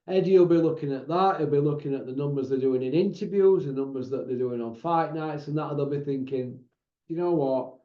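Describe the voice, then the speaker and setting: Rambling, opinionated male pundit with a high voice, talking casually in a roomy room with a dull, lo-fi sound. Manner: rambling, opinionated, constant tag questions. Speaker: boxing pundit and channel host. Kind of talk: casual monologue.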